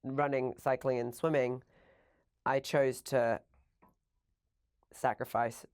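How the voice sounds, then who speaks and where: A woman with an English accent, talking as a podcast guest in an upbeat, chatty way with quick asides. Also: rumbling low, fairly even intonation, a little mellow. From England. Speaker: podcast guest, fitness coach. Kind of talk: casual chat.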